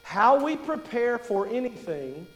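A high-voiced preacher addresses his congregation conversationally, questioning them, in a sing-song, slightly bright manner. He slows to stress what matters most, and the audio rings with the lengthy reverb of a large church hall.

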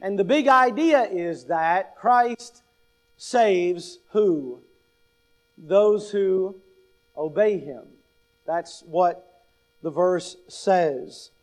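Pastor, male, high voice, slow emphatic delivery, fond of rhetorical questions. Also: animated. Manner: deliberate, stresses key words. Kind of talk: sermon.

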